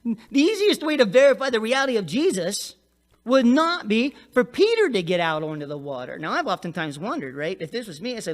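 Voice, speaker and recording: Animated, jokey male preacher. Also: sits high, a little fast. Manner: animated, jokey storytelling with asides. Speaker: pastor. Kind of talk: sermon.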